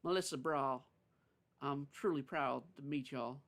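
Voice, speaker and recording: A man's voice: mid-range voice, steady tone, moderate pace, gravelly. A man voicing a weary woman from near Dallas who hides her sadness behind a friendly, slightly raised tone. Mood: warm.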